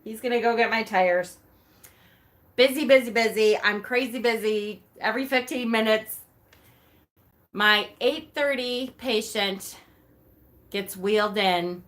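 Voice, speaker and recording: A woman vlogger telling a story about her day in a casual, animated way, laughing often and acting out her own reactions. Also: fairly high pitch, unhurried, pauses often.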